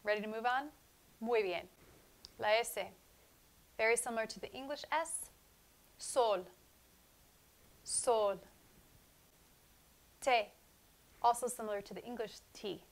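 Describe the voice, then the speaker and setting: A woman teaching a Spanish pronunciation lesson in English, slowly demonstrating and repeating each sound aloud. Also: a little high. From not from Spain.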